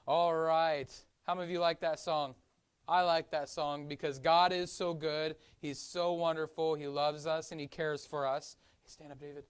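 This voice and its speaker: A woman teaching a children's Sunday school class, coaxing the kids, singing and shouting along with them in a church classroom. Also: low-pitched, flat delivery, normal speed, clear, resonant tone. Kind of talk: leading kids in song and chat.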